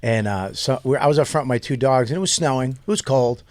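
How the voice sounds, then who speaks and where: A man's voice: medium pitch, quick pace, dry recording. A man co-hosting a podcast, telling stories in casual banter and acting out what people said. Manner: animated storyteller who acts out quotes. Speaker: podcast co-host.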